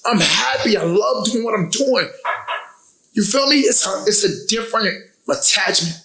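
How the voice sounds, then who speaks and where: A man's voice: high-pitched, expressive, moderate pace, bright, forceful tone, echoey room, low-quality recording. A young adult man, a recording artist as interview guest, talking casually and emotionally, often repeating his phrases.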